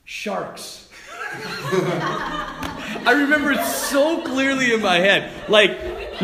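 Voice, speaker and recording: A priest giving a sermon, telling a personal story in a lively way, laughing and restarting his sentences. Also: high-pitched, roomy sound. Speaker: priest, vocation director.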